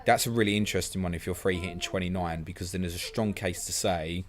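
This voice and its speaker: A man hosting a live stream, reading out viewer questions and answering them in quick, chatty bursts. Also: low-pitched. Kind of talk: fast casual live-stream Q&A.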